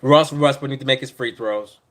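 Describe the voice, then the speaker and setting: A man's voice: mid-range voice, moderate pace, fairly bright tone. A man hosting a live podcast stream, ranting about his team's coach in a rambling, exasperated way, repeating himself and trailing off. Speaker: podcast host.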